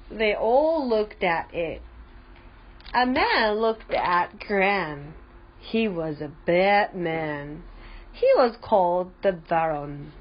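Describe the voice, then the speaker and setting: A woman reads a children's picture book aloud at a very slow, deliberate pace. Her voice is breathy, and her pitch moves expressively across a wide range. The recording sounds dull and lo-fi. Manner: slow, carefully paced, expressive reading. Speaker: storybook reader. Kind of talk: children's story read-aloud.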